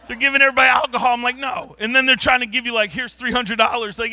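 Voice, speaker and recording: A male preacher with a high, piercing, bright voice tells a story from the pulpit in a church. He swings from low murmurs to loud shouts and laughs through much of it. The delivery is fast and animated. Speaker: pastor. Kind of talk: sermon with personal story.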